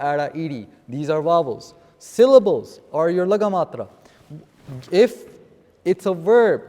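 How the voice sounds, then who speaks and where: A man's voice: a little high, mellow. A man teaching a seminar on scripture vocabulary to a live class, explaining terms and often checking with "okay?". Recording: long reverb in a hall.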